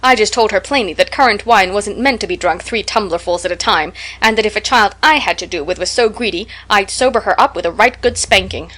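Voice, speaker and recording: A woman voicing a stern, practical middle-aged woman who talks briskly and sharply. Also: mid-range voice, fairly bright tone, close to an everyday voice. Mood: indignant.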